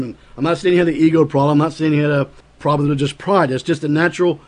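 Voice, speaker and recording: A man's voice: on the high side, fairly even intonation, very fast. A man preaching a sermon, explaining scripture earnestly and acting out quoted lines with a raised voice.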